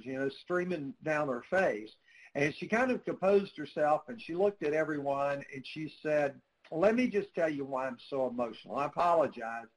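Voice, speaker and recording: A man with a slightly higher-than-average voice answers interview questions as a nonprofit spokesperson. He speaks earnestly and tells stories, with lots of "uh" fillers and small restarts. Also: poor audio. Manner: earnest, storytelling, frequent "uh" fillers.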